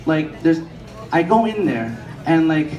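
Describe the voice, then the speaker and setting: A man's voice: a little high, very animated, measured pace, darkish tone. A young man performing a stand-up comedy set, telling profane stories and acting out the people in them. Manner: profane storytelling, acts out quoted people. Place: comedy club stage. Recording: echoey room, mic from a distance, audience laughter. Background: audience laughing.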